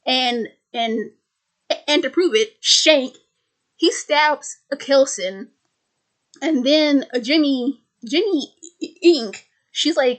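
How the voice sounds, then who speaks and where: A woman's voice: high voice, slow pace, long pauses. A woman casually retelling a film plot, stuttering and repeating words with many fillers. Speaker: video host retelling a film.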